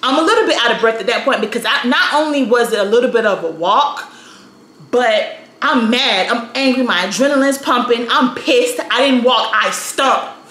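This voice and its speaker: A woman's voice: a little high, moderate pace, pushed and bright. A woman in her thirties telling a story on her vlog in a casual, sassy, slangy way. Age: 30s. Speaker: storytime vlogger. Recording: roomy echo, faint ambience.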